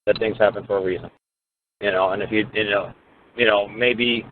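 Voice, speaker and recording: A rather low-voiced man tells a story in loose, conversational talk, blunt and heavy with profanity. His voice comes through a thin, phone-like line. He drives his points home with repeated asides. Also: fairly even intonation, normal speed, slight background noise. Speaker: common-law teacher. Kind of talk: casual storytelling talk on a radio call. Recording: phone-like narrow sound.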